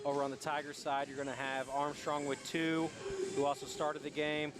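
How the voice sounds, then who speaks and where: A man calling live basketball play by play, rattling off each pass and shot from a high school gymnasium. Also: level tone, music in the background. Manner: rapid running calls of each pass. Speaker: play-by-play announcer. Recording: gym ambience and bouncing balls.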